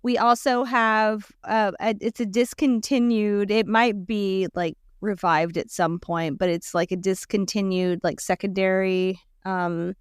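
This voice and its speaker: Woman, podcast co-host, chatty and giggly, smooth clear voice. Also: mid-range voice, fairly even intonation, unhurried, hardly any pauses, no echo, clean studio sound. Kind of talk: casual conversational commentary.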